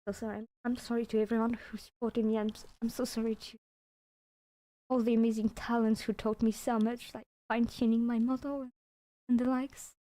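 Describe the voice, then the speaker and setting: A woman content creator making a public apology, hesitant and halting, saying sorry again and again. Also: on the high side, level tone, dark tone. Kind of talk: apologetic stream statement.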